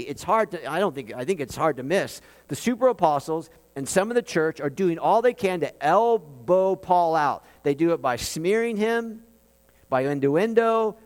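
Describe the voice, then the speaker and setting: Expressive preacher man in a reverberant hall. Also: on the high side. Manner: expressive preaching, rising and dropping for emphasis, wry asides. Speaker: pastor. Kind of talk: sermon.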